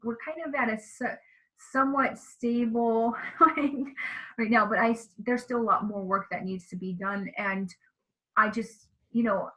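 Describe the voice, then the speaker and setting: A woman with a fairly high voice speaks in a casual interview. She tells her story in an earnest, emotional way. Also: fairly even intonation, unhurried, sharp tone, low-quality recording. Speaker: interview guest. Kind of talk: casual interview talk about spiritual experiences.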